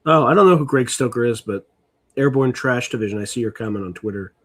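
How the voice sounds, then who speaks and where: A middle-aged man hosts a livestream, chatting casually and rambling while muttering through the comments he reads. His voice sits in the mid range, a bit bright, and moves at a quick pace.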